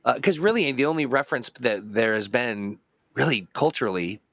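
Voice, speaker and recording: A man's voice: medium pitch, expressive, fairly quick, fairly bright tone, no echo, clean studio sound. A man hosting a casual chat, laughing often and reading viewer comments aloud. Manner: laughs often, chatty and reactive. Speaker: host.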